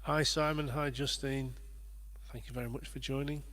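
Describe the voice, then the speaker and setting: A man's voice: mid-range voice, steady tone, moderate pace, a bit bright. A man hosting a livestream, chatting casually and rambling a little as he greets viewers by name. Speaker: livestream host and performer.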